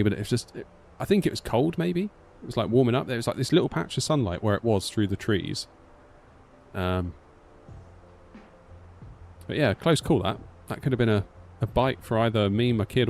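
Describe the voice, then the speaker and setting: A man's voice: lowish voice, a little mellow, a little hiss or hum. Rambling British man chatting on stream. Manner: rambling storyteller, lots of "like" and "sort of". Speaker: flight sim streamer. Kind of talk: casual live-stream chat.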